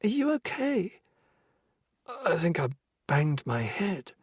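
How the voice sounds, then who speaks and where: A captive young policewoman talks in a hushed, strained voice, lifted well above the speaker's natural register as a male narrator puts her on. Her tone is slightly husky. The recording sounds dry and close, with no room around it. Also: fairly high pitch, wildly swooping pitch, slow, dry recording, voice pushed up, exaggerated voice. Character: frightened young woman police officer, captive.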